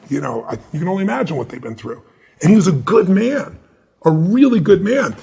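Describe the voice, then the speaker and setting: A middle-aged man with a gravelly, husky voice that sits a little high for a man. He answers as an interview guest, telling stories with animated energy and acting out the people he quotes. He talks like a motivational speaker.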